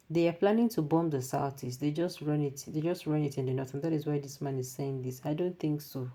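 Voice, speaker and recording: A woman with a Nigerian accent presenting news commentary, mixing Pidgin into animated remarks and reading out viewer comments. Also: low-pitched.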